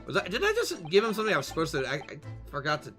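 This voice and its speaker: A male game streamer chats casually and jokes as he plays, swearing freely. His voice sits a bit high and swings animatedly. Game music plays clearly behind him. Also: huge pitch swings, rapid-fire.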